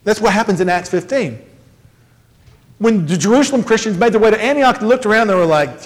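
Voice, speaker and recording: A man preaches a sermon in a conversational, joking way, tossing in quick asides. His voice rings out with a long hall reverb in a church sanctuary. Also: high voice, expressive. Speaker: pastor.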